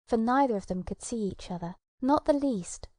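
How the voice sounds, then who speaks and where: A woman reads a children's storybook in a mellow, soft-edged voice, gentle and storytelling. She sits close to the mic in a dry space with no room sound. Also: on the high side, lively intonation, normal speed, dry recording. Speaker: audiobook narrator. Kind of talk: scripted narration of a children's storybook.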